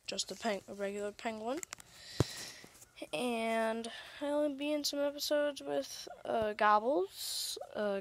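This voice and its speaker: A woman's voice: on the high side, slight background noise. A woman voicing a puffin plush toy who hesitates and corrects herself. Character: puffin plush, fussy about its species.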